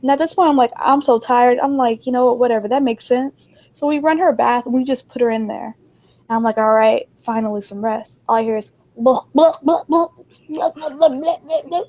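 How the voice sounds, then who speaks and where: A young woman co-hosting a casual chat, telling a wild story and acting out the people in it with her voice jumping up high. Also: brisk. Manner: animated, acts out quotes in a raised voice. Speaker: podcast co-host.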